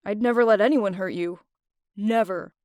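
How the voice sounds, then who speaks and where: A woman voicing a gentle, caring young male friend who speaks softly and earnestly. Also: medium pitch, normal speed, no room sound, clean studio sound, voice pushed down, lightly acted. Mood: tender. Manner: soft, earnest.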